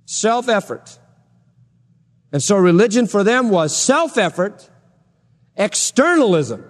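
A man preaching a sermon as pastor, emphatic and building to high intensity. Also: very animated, unhurried, long reverb tail.

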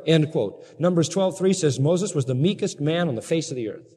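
A man preaching a sermon, slowing down to read scripture aloud with emphasis. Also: fairly high pitch, expressive, mellow, slightly rough. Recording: long hall reverb.

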